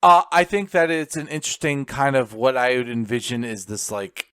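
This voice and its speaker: A man's voice: medium pitch, steady tone, moderate pace, a bit bright, clear, resonant tone, no echo, studio quality. A man co-hosting a podcast, thinking aloud with a hesitant manner as he discusses a film. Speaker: podcast co-host. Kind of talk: casual film review chat.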